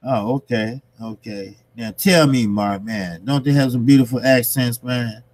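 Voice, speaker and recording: A man's voice: mid-range voice, measured pace, darkish tone, low-quality recording. A middle-aged man hosting his own channel, chatting loosely to his viewers with lots of fillers and laughs. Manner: loose and rambling, many fillers, laughs often. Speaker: channel host. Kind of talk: casual chat to camera and viewers.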